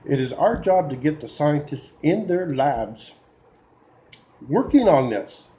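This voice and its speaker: Man, video rant, exasperated, heated, mellow voice, lively pitch swings. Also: slow pace, poor audio. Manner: heated, exasperated, with restarts and sighs. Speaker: video blogger. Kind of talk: opinion rant to camera.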